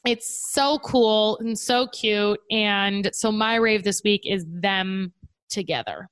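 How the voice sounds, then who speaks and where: A woman's voice: mid-range voice, slow pace, a bit bright, clean tone, no room sound. A woman in her thirties co-hosting a casual podcast, telling stories animatedly and acting out her child's voice. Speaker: podcast co-host. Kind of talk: casual chat.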